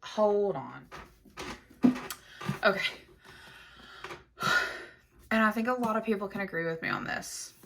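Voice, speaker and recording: A woman's voice: mid-range voice, expressive, a little slow, creaky, long pauses, a bit bright, faint music behind. Chatty, gushing woman book vlogger. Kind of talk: casual chat to camera.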